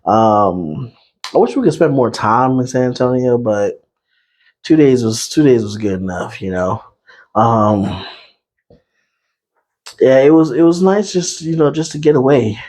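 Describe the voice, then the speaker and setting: A young man hosting an unscripted podcast, talking in a laid-back, chatty way with lots of pauses and fillers. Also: medium pitch, lively intonation, a little mellow. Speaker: podcast host. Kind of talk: unscripted casual talk.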